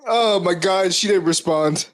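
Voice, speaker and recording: High-voiced young man telling stories. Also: unhurried, over a noisy crowd. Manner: animated, self-mocking storyteller. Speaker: podcast host. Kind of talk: casual comedy podcast chat.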